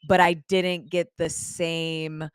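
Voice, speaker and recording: A woman's voice: sits low, flat delivery, slow pace, clear, resonant tone, no echo, studio quality. A woman co-hosting a podcast in casual chat, telling her stories expressively. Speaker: podcast co-host.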